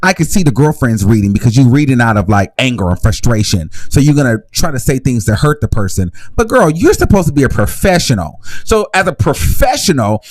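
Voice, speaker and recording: A man hosting a live reaction commentary, talking in a sassy, animated gossip style. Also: mid-range voice, brisk, hardly any pauses, no room sound. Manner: sassy, animated gossip with shrieking laughs and mock voices. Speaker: commentary host.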